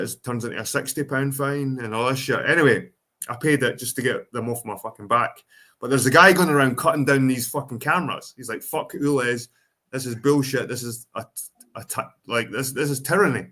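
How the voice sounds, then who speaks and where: A man's voice: mid-range voice, fairly bright tone. A man from England, ranting in a casual chat and swearing heavily. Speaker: podcast guest.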